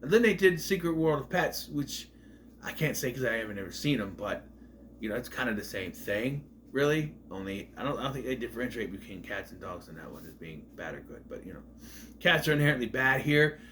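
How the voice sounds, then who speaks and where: A man's voice: mid-range voice, animated, fairly quick, a bit bright, a little hiss or hum. A man casually reviewing a movie on video, rambling off on tangents.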